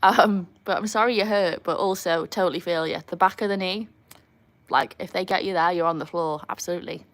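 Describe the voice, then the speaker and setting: Beside her home pool, a young woman from England and Wales chats casually with livestream viewers while her dogs are around, answering questions and cheering the dog with loud woohoos. She speaks a little fast in a fairly low, steady voice, with a pool pump and faint outdoor ambience behind her.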